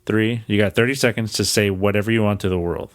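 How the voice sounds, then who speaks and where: A deep-voiced man chats as a podcast co-host. His delivery is blunt and dryly teasing, and the recording is close and dead dry. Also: steady tone, fast, no room sound. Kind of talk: casual podcast chat.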